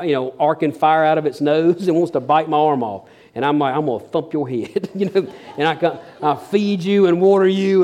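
Preacher guy telling goofy stories in his sermon, kinda high voice, keeps chuckling. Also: darkish tone. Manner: folksy, chuckles often, trips over restarts. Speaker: pastor. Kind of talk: sermon with humorous storytelling.

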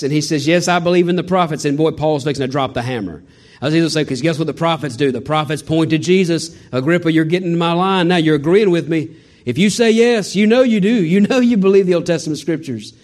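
A male pastor preaching a sermon, swinging between loud exclamations and low, hushed delivery and acting out the voices he quotes. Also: lively intonation, fairly quick.

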